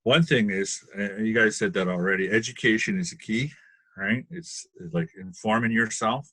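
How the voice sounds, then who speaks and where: Husky-voiced man rambling with "right?". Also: lowish voice, normal speed, a bit bright, no room sound. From Canada. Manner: rambling, often asks "right?", laughs often. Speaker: webinar panelist. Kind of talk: casual panel discussion. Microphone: video call.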